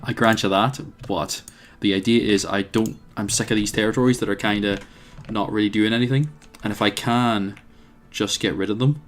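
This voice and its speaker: A man's voice: lowish voice, fairly even intonation, moderate pace, hardly any pauses. Give me a man casually talking through a strategy game, wry and hesitant. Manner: thinks aloud, hesitant with frequent fillers, wry. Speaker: let's play host.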